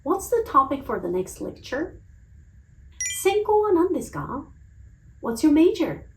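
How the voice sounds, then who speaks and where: A woman English teacher reading a phrase lesson, saying each phrase in Japanese and then twice in English, slowly and with careful, clear pronunciation. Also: high-pitched, very animated, slight background noise, rough recording.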